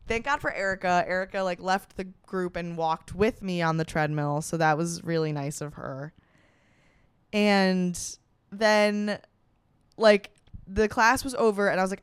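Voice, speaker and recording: A young woman spins a self-mocking comic story for her podcast, brash and quick to swear. Her voice is smooth and clear, recorded close and dry with no room around it. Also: no room sound. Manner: animated, jumps up in pitch for quoted voices. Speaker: podcast host.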